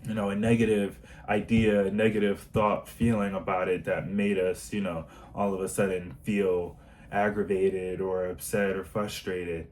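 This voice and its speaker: A man's voice: low-pitched, little pitch movement, normal speed, a little mellow, a little hiss or hum, poor audio. A man talking in a casual self-help monologue, earnest and rambling with many fillers.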